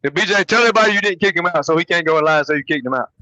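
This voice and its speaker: A man's voice: a little high, bright, forceful tone, no room sound, low-quality recording. A man co-hosting a basketball podcast, ranting angrily with constant profanity. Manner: angry, profane, fast ranting. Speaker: podcast co-host. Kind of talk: heated podcast rant.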